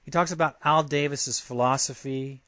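A man's voice: medium pitch, fairly even intonation, moderate pace, a bit bright, no echo. A man hosting a sports podcast, talking casually and brashly, heckling a writer in a fan-style rant. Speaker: podcast host.

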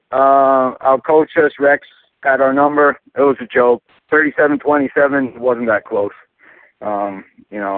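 A man's voice: medium pitch, no echo. Male fan caller, angry and profane, dry tinny phone sound. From New York. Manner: angry, profane, rapid venting.

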